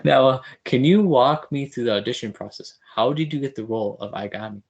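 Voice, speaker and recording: A man's voice: medium pitch, fairly quick, a little mellow, muffled recording. A man hosting a podcast interview, teasing his guest and talking loosely with repeated fillers. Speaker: podcast host. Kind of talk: casual interview chat.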